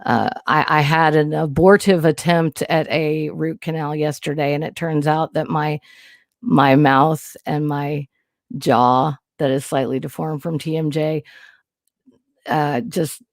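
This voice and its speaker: A woman's voice: deep voice, steady tone, a little slow, no echo, clean studio sound. Candid, rambling woman host. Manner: rambling, candid, frequent restarts and swearing. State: emotional, medicated, nervous. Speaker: livestream host. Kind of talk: casual livestream chat. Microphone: new studio mic.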